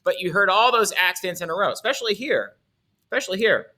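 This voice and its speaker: A man's voice: high voice, animated, fast, bright, forceful tone. A man teaching a music lesson, explaining in an upbeat, playful way with little asides.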